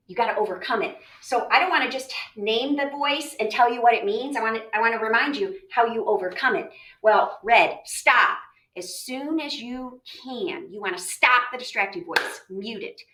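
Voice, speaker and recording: A woman teaching a reading lesson, talking in a lively way and acting out the inner voices of a reader. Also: fairly high pitch. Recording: echoey room, voice a bit distant.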